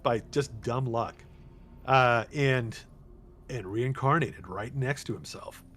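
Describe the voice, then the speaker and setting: An easygoing man running a tabletop game, narrating at a mid-range pitch. He talks loosely with plenty of ums, over a faint background hiss. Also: slow pace. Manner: relaxed, chatty, with many fillers. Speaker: game master.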